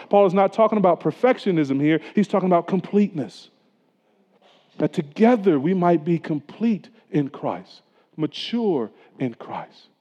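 Man preaching in an echoey hall. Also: high voice. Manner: earnest preaching, hushed at solemn peaks, rising with emphasis. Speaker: pastor. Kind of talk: sermon. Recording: echoey church hall, dull lo-fi sound.

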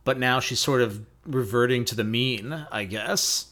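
Casting: podcast co-host, wry and deadpan, mid-range voice. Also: mid-range voice, a little slow. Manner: wry, deadpan jokes with swearing. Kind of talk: casual chat.

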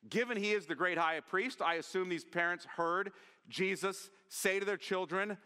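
A man's voice: high-pitched, normal speed, bright, forceful tone, clear, resonant tone, big-room sound. A man preaching a sermon as pastor, reading scripture aloud and posing rhetorical questions to the congregation. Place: church sanctuary.

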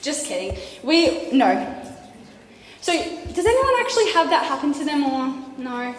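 High-voiced woman preaching playfully. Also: very animated, unhurried. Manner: chatty, playful, teasing the audience with questions. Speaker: youth preacher. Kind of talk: casual youth sermon. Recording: echoey hall from far off.

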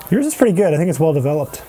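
A man's voice: on the high side, dark tone, slight background noise. A man from Colorado co-hosting a show, teasing his partner and joking in casual comedic banter. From Colorado, USA. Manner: teasing, laughs often, quick jokes. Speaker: podcast co-host.

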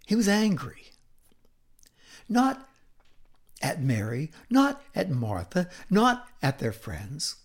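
A man preaches a sermon, retelling a scripture story with dramatic, deliberate delivery and hushed drops for effect. His voice sits on the high side and swings hugely in pitch.

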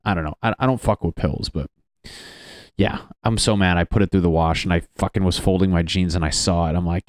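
A man's voice: sits low, brisk, darkish tone, dry recording, clean studio sound. A man doing a casual, crude comedic monologue as a podcast host, rambling and laughing at his own jokes.

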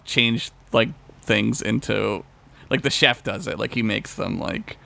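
A man's voice: on the low side, unhurried, vocal fry, sharp tone. A man co-hosting a casual podcast, rambling with lots of fillers and swearing. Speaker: podcast co-host.

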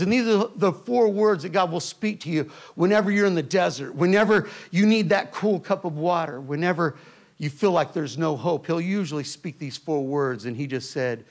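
A pastor preaches a sermon built around a personal story, speaking emphatically but dropping to a hush in tender moments. His voice is high and his pace moderate.

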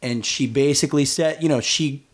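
A man's voice: medium pitch, normal speed. A man co-hosting a film podcast, talking casually and rambling with frequent self-corrections. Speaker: podcast co-host.

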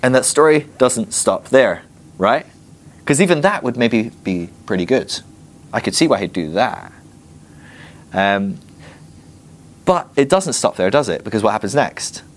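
A man teaching a Bible class in a playful, animated way, acting out little scenes with humor. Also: mid-range voice, unhurried, pauses often.

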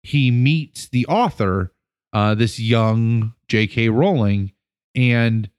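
A male educator co-hosting a relaxed podcast, telling an anecdote in an unhurried, meandering way. He pauses and restarts often and leans on fillers as he goes. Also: medium pitch, clear, resonant tone. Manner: rambling, with many fillers and restarts. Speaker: podcast co-host. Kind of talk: casual storytelling chat.

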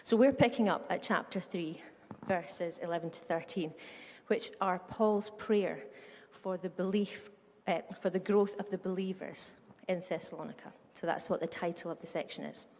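This middle-aged Scottish pastor delivers a conversational sermon packed with humorous stories and asides, like a chatty storyteller. Her fairly low voice has a darkish tone, moving at normal speed with few pauses, and a large room's long reverb surrounds it.

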